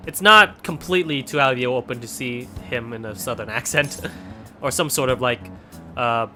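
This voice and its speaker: A man's voice: medium pitch, normal speed, sharp tone, soft background music. Rambling young man doing game commentary. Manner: rambling, jokey, swears casually. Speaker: let's play host.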